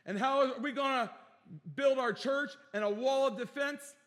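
Man, pastor, earnest repetitive preaching, bright voice, church reverb. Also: very high-pitched, moderate pace. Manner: earnest preaching, repeats phrases for emphasis, calls for amens. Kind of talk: sermon. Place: church sanctuary. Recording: long hall reverb in a church.

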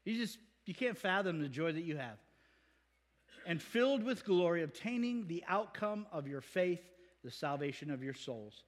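A man preaching a sermon as pastor, animated and conversational, acting out the people he quotes. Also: high voice, brisk. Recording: long hall reverb.

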